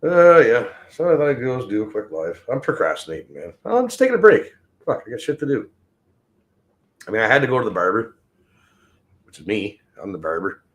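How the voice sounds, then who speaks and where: A man's voice: mid-range voice, very animated, fairly quick, pauses often. A man ranting casually and bluntly on a livestream, swearing often and drifting from topic to topic. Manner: profane, rambling and blunt. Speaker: livestream host.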